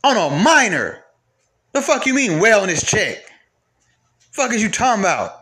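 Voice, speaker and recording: A man with a high voice rants straight to camera, piling up profanity and rhetorical questions. His tone is sharp and forceful, and he keeps hammering the same points. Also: big pitch swings, a little slow. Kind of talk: heated profane rant to camera.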